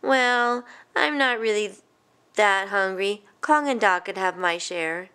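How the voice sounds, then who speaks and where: A woman voicing a cold, hungry young boy in a storybook, slow and plaintive. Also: mid-range voice, pushed and bright, clean tone. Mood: selfless.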